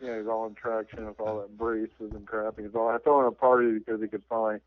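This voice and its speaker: A man chatting casually and retelling scenes with lively laughter. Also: on the low side, fast, no room sound. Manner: animated storyteller who laughs often and retells scenes. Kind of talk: casual chat. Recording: tinny radio transmission, dry.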